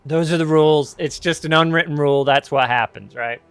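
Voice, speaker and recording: A man's voice: a little high, fairly quick, clean tone, no room sound. A man telling a long story in casual chat while gaming, rambling with asides and self-corrections. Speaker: streamer and host.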